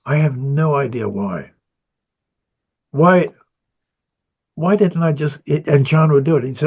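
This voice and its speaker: A man's voice: fairly high pitch, a little slow, long pauses, a little mellow, slightly rough, muffled recording. An older man in a rambling interview about his animation career, a chuckling storyteller who acts out what people said.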